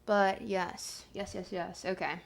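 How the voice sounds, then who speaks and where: A young adult woman streamer in casual chat with her viewers, rambling with fillers and breaking into playful, excited bursts. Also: mid-range voice, slow, gravelly, heavy background noise. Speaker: livestreamer reading chat.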